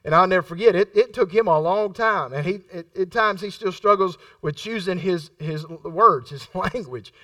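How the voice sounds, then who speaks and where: A man's voice: high voice, normal speed, few pauses, fairly bright tone, no room sound, far from the mic. A middle-aged man preaching a sermon in a conversational style, repeating phrases for emphasis and acting out the voices in his stories. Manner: acts out quoted voices in his storytelling.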